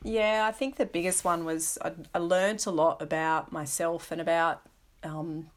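A middle-aged woman, a former navy helicopter pilot, recalls her training candidly in an interview, restarting sentences and pausing on ums. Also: fairly low pitch, fairly even intonation. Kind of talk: interview, personal recollection.

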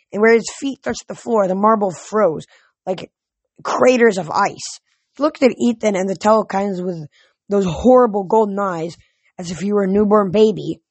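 Husky woman reading a novel aloud. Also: medium pitch, darkish tone, dry recording. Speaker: reader.

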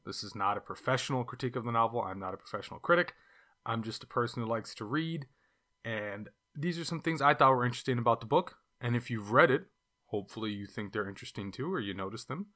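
A man with a Californian accent shares his thoughts on a novel in a casual, unscripted way. His voice is bright and forward, and he talks in an easy, reflective manner with the odd filler and restart. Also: mid-range voice. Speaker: book reviewer. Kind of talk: casual book discussion.

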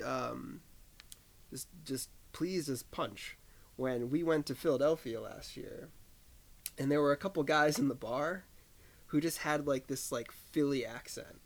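Gravelly laid-back man chatting. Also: mid-range voice. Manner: laid-back, laughs often, trails off. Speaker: podcast co-host. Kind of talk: casual chat.

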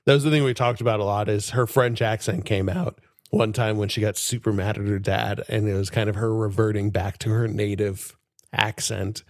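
Dude on a podcast, chatty, laughs a lot, lowish voice, dry mic. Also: male voice, steady tone, moderate pace, dry recording. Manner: enthusiastic, laughs often, many fillers. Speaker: podcast co-host. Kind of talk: casual chat.

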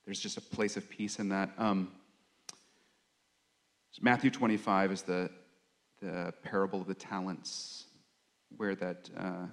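Preacher, male, lowish voice, halting and earnest, reflective sermon delivery. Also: fairly even intonation. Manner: halting, with many pauses and fillers; earnest, confessional. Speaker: worship leader or preacher.

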